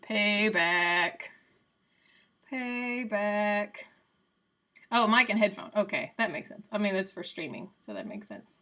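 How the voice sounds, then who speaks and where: A woman's voice: mid-range voice, sing-song, brisk, hardly any pauses. A woman live streaming in casual chat, rambling and answering her viewers by name. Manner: coos softly to her cat.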